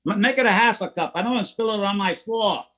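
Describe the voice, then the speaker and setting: A man's voice: high-pitched, quick pace, fairly bright tone, pitched above the performer's own voice. A man doing a barking, bossy old Irish-American old-timer. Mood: gruff teasing. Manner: barking orders with teasing bluster.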